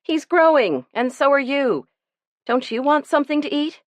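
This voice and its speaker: A woman voicing a practical, wry mother who speaks briskly and reassuringly. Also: sits high, expressive, no room sound, pitched above the performer's own voice. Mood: motherly.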